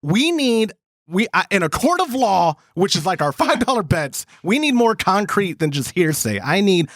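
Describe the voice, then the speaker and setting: Lively, chatty male podcast host. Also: high voice, normal speed, dry recording, studio quality. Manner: animated storytelling with quoted voices. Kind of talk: casual chat.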